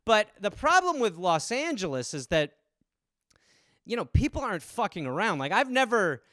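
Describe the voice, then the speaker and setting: A man's voice: sits high, very animated, moderate pace, sharp tone, no echo, studio quality. A man hosting a comedy podcast, riffing alone on topics in a rambling, profane, self-deprecating way. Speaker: podcast host.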